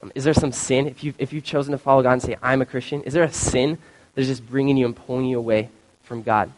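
A young man preaching a casual sermon as a youth pastor, telling stories with animated acted-out reactions. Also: medium pitch, quick pace. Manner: animated storytelling, acts out his own reactions. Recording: long reverb of a hall.

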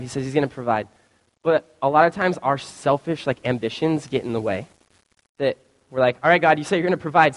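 A young man preaching a casual sermon as a youth pastor, telling stories with animated acted-out reactions. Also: mid-range voice. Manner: animated storytelling, acts out his own reactions. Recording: long reverb of a hall.

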